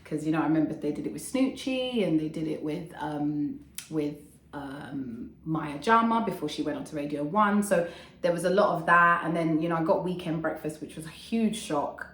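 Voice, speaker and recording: A woman, telling her story in a chatty, animated vlog as a radio DJ, swearing casually and making quick asides. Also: low-pitched. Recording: echoey room.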